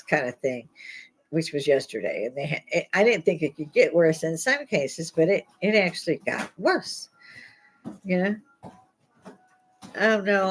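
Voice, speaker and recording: An older woman hosting a casual livestream from home, rambling and blunt, laughing often. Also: deep voice. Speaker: livestream host. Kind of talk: casual live chat. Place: home, indoors.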